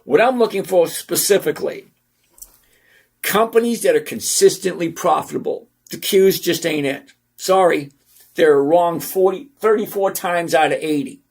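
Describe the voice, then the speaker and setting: Running a stock trading channel, a middle-aged man with a highish, creaky, slightly mellow voice goes over on-screen figures. He's casually sarcastic and teasing, slowing down to repeat points for emphasis.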